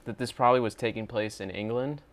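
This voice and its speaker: A man's voice: medium pitch, steady tone, quick pace. A man co-hosting a reaction show, chatting casually, explaining clips and asking his partner's opinion. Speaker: co-host.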